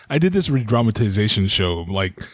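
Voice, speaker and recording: A man's voice: fairly low pitch, big pitch swings, unhurried, no echo. A man who works as a voice actor, chatting on a podcast and laughing easily as he rambles through a story. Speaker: voice actor guest. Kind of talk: casual podcast chat.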